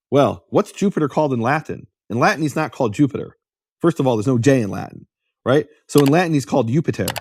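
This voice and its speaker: A man's voice: mid-range voice, darkish tone, no echo, studio quality. A man hosting a talk, explaining history in a lecturing way and answering his own rhetorical questions. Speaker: host explaining biblical history.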